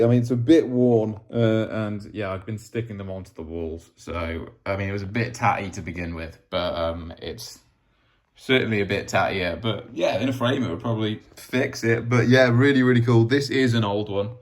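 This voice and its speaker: A man's voice: fairly low pitch, normal speed, darkish tone. A man from Wales, casually rambling and self-deprecating as he shows his map collection in a vlog. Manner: rambling, self-deprecating, chatty with many ums. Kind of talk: casual rambling show-and-tell.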